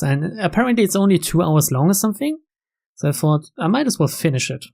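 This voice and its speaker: A man's voice: on the high side, vocal fry, a little mellow. Man reading game text with profane asides. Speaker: let's play host.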